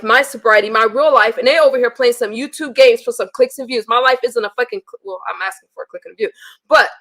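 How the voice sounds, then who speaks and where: A woman with a somewhat high voice, talking straight to her live-stream viewers. She is blunt and exasperated, swearing freely as she vents and reads messages aloud. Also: bright, forceful tone. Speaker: livestreamer.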